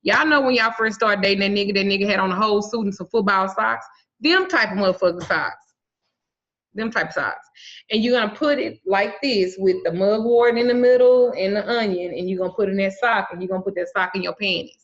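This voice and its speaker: A woman's voice: medium pitch, fairly even intonation, fast talker, fairly bright tone. Crude joking woman giving an herb class, spells out names, muffled lo-fi audio. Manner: blunt, bawdy and profane, joking while teaching. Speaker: herbal and spiritual teacher. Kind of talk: casual online herb class. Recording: muffled lo-fi sound.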